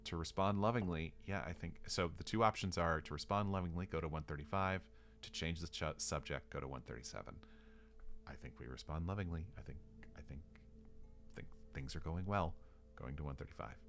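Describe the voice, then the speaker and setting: A man with a low, bright voice plays through a solo tabletop adventure. He narrates and mutters rambling asides to himself. Faint music runs underneath. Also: a little fast. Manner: chatty, rambling self-talk with asides and chuckles. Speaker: solo tabletop game player.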